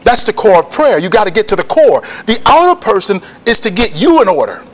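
A man preaching a sermon with emphatic, repetitive cadences that build to shouts. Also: sits high, very animated, fairly quick.

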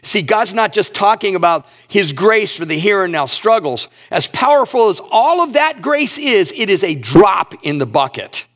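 A pastor preaching a sermon with earnest emphasis, reading scripture slowly and rising in pitch on key points. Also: male voice, very animated, fairly bright tone.

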